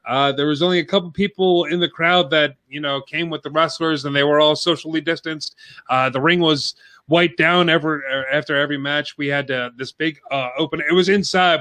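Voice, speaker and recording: Bright-voiced man chatting on a podcast. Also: a little high. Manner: rambling, filler-heavy plugging. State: out of breath. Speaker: podcast host. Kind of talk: casual podcast chat.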